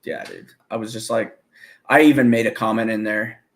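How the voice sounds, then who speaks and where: A man with a low, gravelly voice talks loosely and at length. He swears constantly and breaks into laughter between thoughts, the way people talk in a relaxed hangout. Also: moderate pace. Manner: rambling, swears freely, laughs often. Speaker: guest musician. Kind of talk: casual profane chat.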